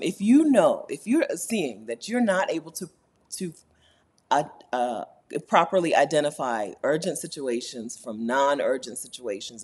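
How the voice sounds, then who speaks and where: A woman with a low, slightly husky voice hosts a relaxed live stream, answering viewer comments. Her pitch rises and falls with animation as she laughs easily and repeats her key points for emphasis. The delivery is informal and chatty. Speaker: YouTube host answering live chat. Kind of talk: casual live-stream chat.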